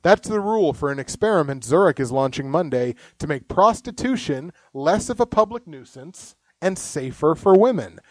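A man's voice: a little high, expressive, moderate pace, hardly any pauses, dry recording. A man hosting a casual podcast, rambling, swearing constantly and laughing at his own jokes. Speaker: podcast host. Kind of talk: casual profane podcast chat.

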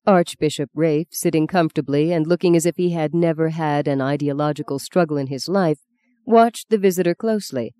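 Mellow audiobook narrator. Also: medium pitch, a little fast, smooth, no room sound. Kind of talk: scripted narration.

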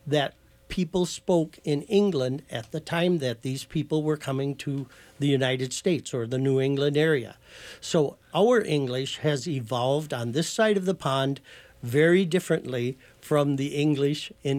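Guy on a talk show explaining stuff slow and patient, voice a bit high, lecture-y. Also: darkish tone. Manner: patient, lecturing, spells words out. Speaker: guest from a heritage foundation.

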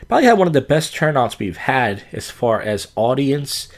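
A man's voice: medium pitch, very animated, normal speed. A man hosting his own podcast, telling stories in a rambling, casual monologue full of fillers and blunt, profane asides. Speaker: podcast host.

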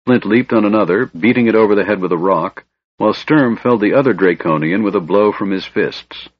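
A man reading a fantasy audiobook in a measured, dramatic narration. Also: fairly low pitch, no room sound. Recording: dull lo-fi recording, dry.

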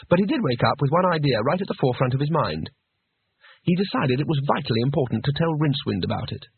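A man narrating an audiobook in a lively, expressive storytelling way. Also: mid-range voice, no room sound. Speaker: audiobook reader. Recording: husky, dry, phone-like narrow sound.

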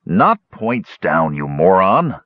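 A man acts out a grumpy, gray-haired hill dwarf who barks in gruff, exasperated bursts. His voice swings in pitch and sounds dry and close, with a dull, muffled tone. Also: wildly swooping pitch, measured pace, no echo.

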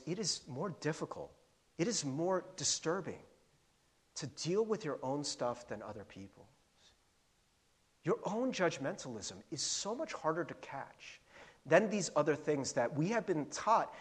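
A man preaching a sermon as a pastor, telling a story with animated asides and chuckles, in a slightly husky voice. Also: high voice.

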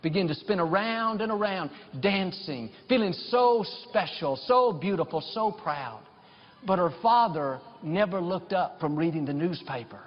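A man's voice: high voice, lively intonation, unhurried. A middle-aged male pastor preaching a sermon, telling personal stories and building to fervent declarations of blessing. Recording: dull sound with long hall reverb.

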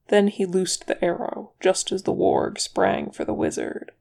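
A reader narrating fan fiction aloud in a steady, even manner. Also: mid-range voice, measured pace, creaky, few pauses. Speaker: audiobook reader.

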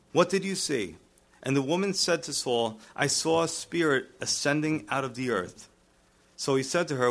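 Man, pastor, sermon, conversational, animated delivery, slightly high voice. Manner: animated, acts out quoted lines in a raised voice; conversational asides, fillers. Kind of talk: expository sermon.

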